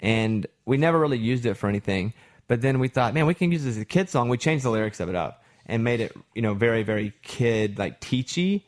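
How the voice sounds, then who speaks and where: A man's voice: mid-range voice, animated, a little fast. A man chatting casually about writing children's songs, telling stories and mimicking how singers sounded. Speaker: songwriter presenting his kids' album. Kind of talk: casual chat.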